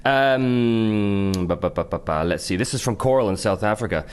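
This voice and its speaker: A man hosting a podcast, reading out listener questions, playful and quick to laugh. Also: on the low side, lively intonation, clear, resonant tone. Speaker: podcast host.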